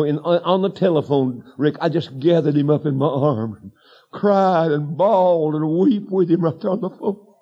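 High-voiced fiery evangelist man. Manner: folksy storytelling that builds to shouted declarations. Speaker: evangelist preacher. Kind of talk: fiery revival sermon. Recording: dull lo-fi sermon recording.

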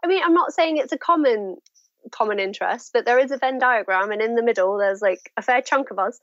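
A woman author chatting in an interview, telling stories with lively asides and acting out what people said. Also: a little high, a little fast, dry recording, lo-fi sound. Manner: animated storytelling, acts out quoted voices.

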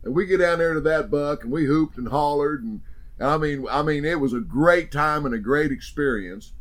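A man's voice: a little high, normal speed. A man telling a hunting story as a guest in an interview, emphatic and rambling with many restarts.

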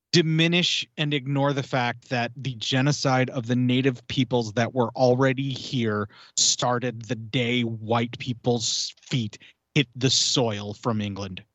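A man's voice: mid-range voice, fairly even intonation, a little slow, fairly bright tone, no echo, highs cut off. An American man in his forties, a podcast guest talking heatedly and swearing in casual chat. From United States. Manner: heated, swearing, rambling rants.

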